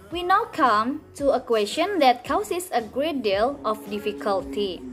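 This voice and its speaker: A young woman student presenting a class project, reading a prepared explanation in a careful, textbook-style way. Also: a little high. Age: young adult.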